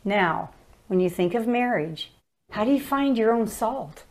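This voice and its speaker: A woman's voice: a little high, animated, measured pace. An older woman co-teaching a marriage course, explaining in an earnest way.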